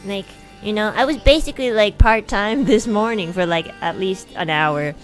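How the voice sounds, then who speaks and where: A young woman streamer telling a long everyday story in casual chat, animated and chatty, acting out what people said. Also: medium pitch, normal speed, soft background music. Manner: chatty, animated, acts out quoted lines in a raised voice.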